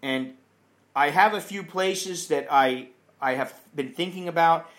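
A man with a notably high voice rants in a casual monologue. He is blunt and profane, swearing freely with no filter. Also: measured pace, a bit bright. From United States.

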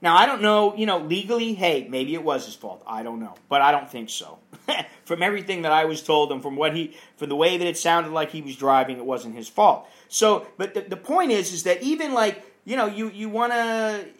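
A man with a notably high voice rants in a casual monologue. He is blunt and profane, swearing freely with no filter. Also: animated, brisk, fairly bright tone. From United States.

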